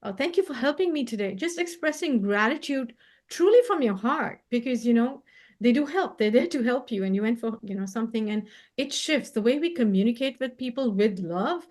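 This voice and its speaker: A woman, a spiritual healer and co-host, talking in a gentle, effusive way and laughing often in a casual heartfelt conversation over a video call. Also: on the high side, expressive, normal speed.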